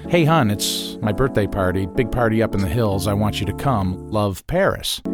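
A man telling a personal story in a casual, animated way, mimicking the voices of people he quotes and chuckling now and then. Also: lowish voice.

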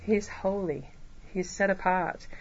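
A woman preacher giving a sermon to a church congregation, earnest and emphatic, slowing down on key phrases. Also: medium pitch, highs cut off. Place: church hall.

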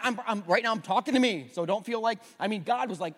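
A male pastor preaching a sermon, swinging from hushed asides to loud, repeated calls. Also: high-pitched, quick pace. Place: church sanctuary. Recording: long reverb of a church hall.

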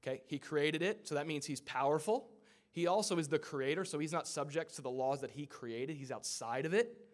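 A man's voice: fairly high pitch, a little fast. Man preaching a casual sermon. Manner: casual retelling of scripture with asides and character voices. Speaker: pastor.

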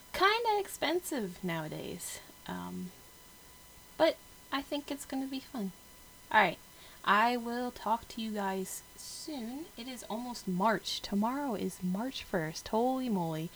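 A woman's voice: fairly low pitch, a little hiss or hum, rough recording. A woman hosting a casual solo podcast, bubbly and chatty, who laughs at herself and uses lots of filler words. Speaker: podcast host.

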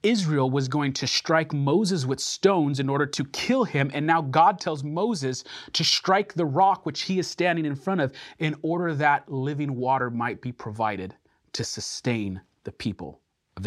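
A man teaching a sermon through scripture, earnest and emphatic, slowing down to stress key words. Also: mid-range voice, a bit bright, no echo, clean studio sound.

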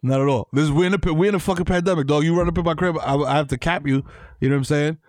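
A podcast co-host with a New York accent talks in slangy, profane banter and laughs often. His pitch runs a little high for a man. The recording is dry and close-miked. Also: racing, no room sound. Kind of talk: casual chat.

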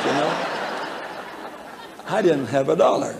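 A man's voice: a little high, lively intonation, unhurried, creaky, pauses often. A man preaching a storytelling sermon, folksy and humorous, chuckling as he talks, recorded in an echoey church hall. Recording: echoey hall with faint room noise.

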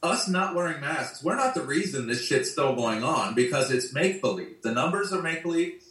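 A man's voice: a little high, big pitch swings, fairly quick, fairly bright tone. A man ranting bluntly and profanely in a casual video-call conversation. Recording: roomy sound, distant from mic.

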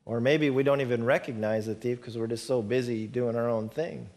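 A man's voice: mid-range voice, steady tone, brisk, darkish tone. A middle-aged male pastor giving a conversational sermon, repeating words for emphasis and lifting his voice on key points. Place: church sanctuary.

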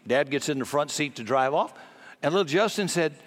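Emphatic, high-voiced preaching man. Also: lively intonation, brisk. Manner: emphatic preaching with loud peaks on key words; folksy, conversational asides. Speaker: pastor. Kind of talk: sermon.

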